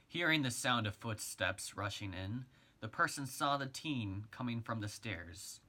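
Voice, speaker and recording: Bright-voiced man reading a story. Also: mid-range voice. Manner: plain read-aloud narration with small slips. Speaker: story reader. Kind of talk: reading fan fiction aloud.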